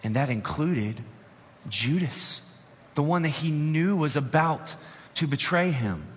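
A man preaching a sermon as a pastor, conversational, slowing with dramatic pauses on key words. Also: on the high side, animated. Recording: long reverb in a large hall.

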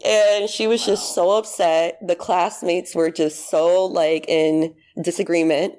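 A young woman guest giving lively, playful, emphatic advice in a casual interview. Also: fairly low pitch, slow pace. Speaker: podcast guest.

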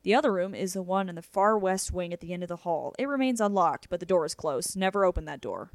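A woman reading the part of a quirky, eccentric young Irish gentleman with an Irish accent, in a playful, theatrical manner. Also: high-pitched, animated, fast, no room sound. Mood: instructing.

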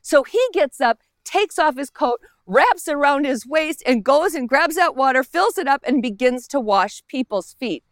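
High-voiced woman preaching conversationally. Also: animated, normal speed, hardly any pauses, no echo, clean studio sound. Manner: conversational, acts out the Bible characters' lines. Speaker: pastor. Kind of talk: sermon. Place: outdoors in a park.

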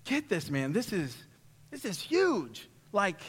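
A man preaching a sermon in a church, animated and lively, acting out voices and laughing as he goes. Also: high-pitched, slow, husky, in a large hall. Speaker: pastor.

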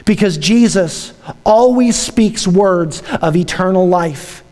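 A man preaches a sermon in a large church hall, his voice long-tailed by reverb. He speaks slowly, with a high pitch. He swings between hushed and shouted lines. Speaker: pastor.

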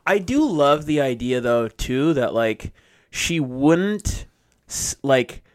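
Man, podcast co-host, casual slangy chat, rambling, mid pitch. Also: big pitch swings, takes it slowly. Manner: laid-back, slangy, rambling.

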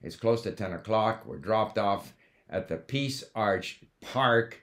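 A man's voice: lowish voice, slow pace. An older man from Canada talking casually about learning languages, wandering off on digressions and stopping to correct himself. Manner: conversational, digressive, with fillers and self-corrections. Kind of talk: casual monologue.

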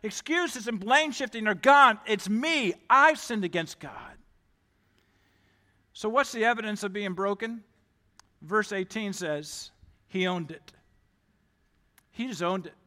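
A male pastor preaching a sermon, talking emphatically and climbing louder on key points. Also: high-pitched, expressive, slow pace, pauses often. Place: church. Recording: long hall reverb.

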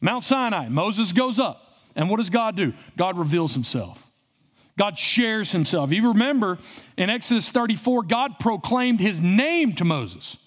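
A man's voice: high voice, very animated, measured pace. A male pastor preaching a sermon, asking the congregation questions and repeating phrases for emphasis.

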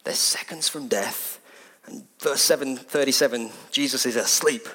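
A man preaching a sermon in a conversational, animated way, repeating phrases for emphasis. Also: medium pitch, normal speed.

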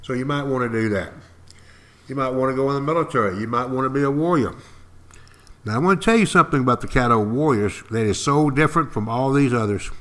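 A man's voice: mid-range voice, fast talker, a bit bright. An older man, teaching a history lesson to podcast listeners. He talks emphatically, repeats key words and asks his listeners questions. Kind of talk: lively classroom-style history talk to podcast listeners.

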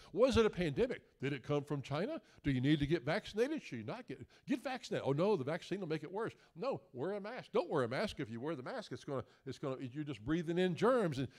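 A male guest preacher, delivering a folksy, joking sermon that builds into emphatic questions. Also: high-pitched.

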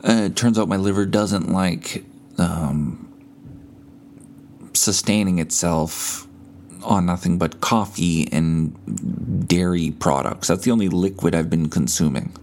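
A man's voice: deep voice, slow, a little mellow. A man hosting a casual solo podcast from his bed at home, telling stories in a laid-back, profane, rambling way with many fillers while buzzed on painkillers. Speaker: podcast host.

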